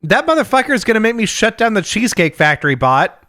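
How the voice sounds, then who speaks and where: A young man co-hosting a podcast, telling stories in animated, profane casual chat. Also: high-pitched, fast talker, no echo, clean studio sound. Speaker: podcast co-host.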